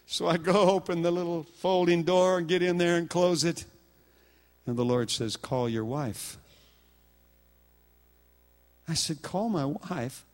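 An older man preaching, telling a story with animated acted-out dialogue and laughter. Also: high voice. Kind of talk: sermon storytelling.

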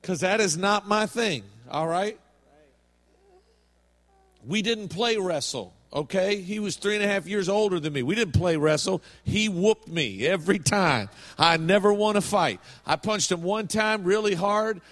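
A man's voice: high-pitched, expressive, measured pace, fairly bright tone. A middle-aged male pastor preaching a sermon in a folksy, humorous storytelling way.

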